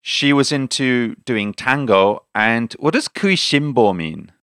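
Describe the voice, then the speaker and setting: A man's voice: mid-range voice, lively intonation, unhurried, a bit bright, clear, resonant tone, no echo, studio quality. A man co-hosting a language podcast who quizzes his co-host and jokes about his own explanations. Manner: quizzing, jokey and self-deprecating. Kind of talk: casual language-lesson chat.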